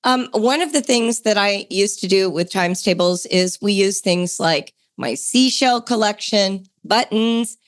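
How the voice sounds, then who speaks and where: Chatty, enthusiastic woman podcast host. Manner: enthusiastic, chatty, jumps to a bright higher pitch for emphasis. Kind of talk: podcast talk on homeschooling.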